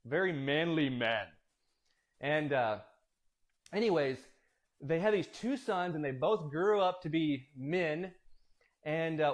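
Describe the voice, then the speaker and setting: A man casually retelling a Bible story, animated and digressive, with many fillers. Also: on the high side.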